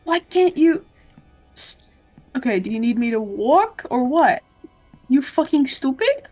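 A high-voiced woman streams a video game, reacting in loud, excitable bursts and swearing freely. She calls out to the characters as she plays. Faint game music runs underneath. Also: unhurried. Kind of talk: gameplay commentary.

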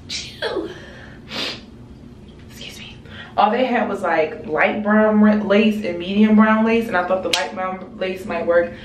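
A woman's voice: fairly low pitch, roomy sound, recorded from a distance, a little hiss or hum. Chatty young woman with a stuffy nose. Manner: chatty, candid, self-mocking. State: stuffy nose, slightly hoarse. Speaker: beauty vlogger. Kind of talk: casual hair tutorial vlog.

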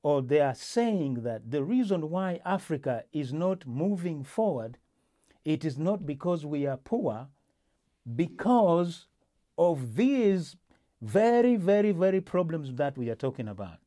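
A man's voice: fairly high pitch, sing-song, a little slow, dark tone. A male host in a casual political discussion, talking with many restarts and fillers.

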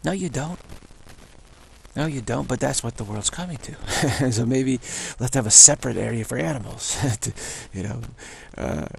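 A man's voice: medium pitch, animated, normal speed, vocal fry, slightly rough. A man giving a rambling spiritual talk at home, repeating himself and chuckling as he goes. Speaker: spiritual teacher. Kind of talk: casual spiritual monologue. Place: at home, self-taped.

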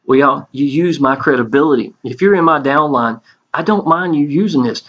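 A man talks to his viewers in a casual, earnest sales pitch and keeps calling out to them. His voice sits a little high for a man. The recording sounds dull and lo-fi. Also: moderate pace. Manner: earnest and folksy, calls out to viewers again and again. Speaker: network marketing promoter. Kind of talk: casual sales pitch over a screen tour.

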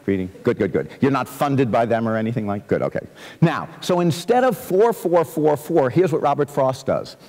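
A man, a composer, giving a lively lecture to students, reciting verse and scatting rhythms to show musical patterns. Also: mid-range voice, moderate pace. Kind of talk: lively lecture with sung and spoken musical demonstrations. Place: large lecture hall. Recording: long reverb of a large lecture hall.

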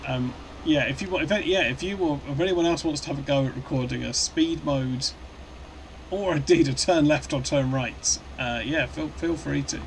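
A man chats on a live stream while he plays a truck game, rambling and good-humoured as he answers viewers and restarts his sentences. His voice sits a touch high for a man, and a faint hum runs behind him. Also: normal speed, rough recording.

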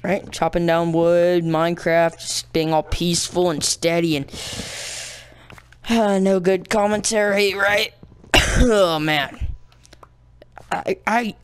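A man's voice: on the high side, clean tone. A man giving casual let's-play commentary as a gaming channel host, rambling playfully, mocking himself and adding silly sound effects.

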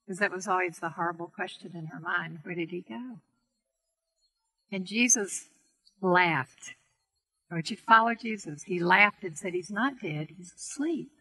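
A middle-aged woman teaches on healing prayer through a gentle, earnest story. Her voice is bright and a little breathy, and she softens it for the quoted lines. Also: on the low side, normal speed, rough recording. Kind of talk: storytelling talk to a seminar audience.

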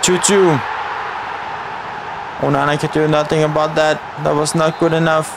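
A man giving excited live commentary on his own football video game career mode, often exclaiming at chances and shouting at the players. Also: fairly high pitch, normal speed, vocal fry, noisy background. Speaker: gaming YouTuber.

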